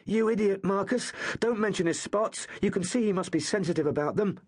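A man voicing a bold, quick-witted teenage Roman boy in an audiobook reading, in a raised, urgent voice. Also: on the high side, pitched above the performer's own voice, lightly acted. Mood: exasperated.

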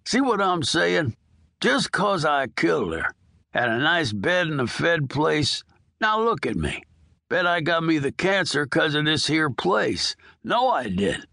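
A man's voice: on the high side, very animated, a little slow, vocal fry, sharp tone, dry recording, studio quality, heavily acted. A man voicing a dying, foul-mouthed old male prisoner with a coarse drawl. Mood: bitter. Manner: coarse, drawling, wheedling then demanding.

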